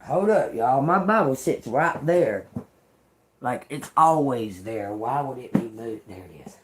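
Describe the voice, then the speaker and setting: A woman hosting a tarot livestream, chatting casually and reading Bible verses aloud. She talks in a loose, profane way, laughs often, and swings between loud outbursts and low muttered asides. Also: expressive, unhurried, slight background noise. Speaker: tarot reader and livestream host.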